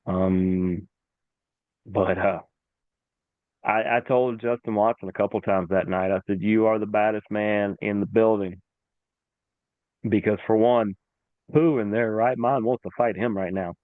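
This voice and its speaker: A man hosting a combat sports show, retelling a fight in a casual, animated way and acting out what the referee said. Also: lowish voice, moderate pace, dry recording, phone-quality sound. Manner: animated storytelling, acts out the referee. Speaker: podcast host.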